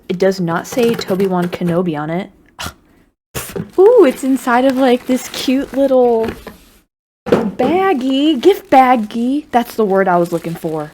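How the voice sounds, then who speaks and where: Bubbly, excitable woman YouTuber. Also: on the high side, measured pace, background noise. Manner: bubbly, excitable, chatty with playful asides. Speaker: YouTuber unboxing fan mail. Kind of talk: casual chat to camera. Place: at home in her apartment.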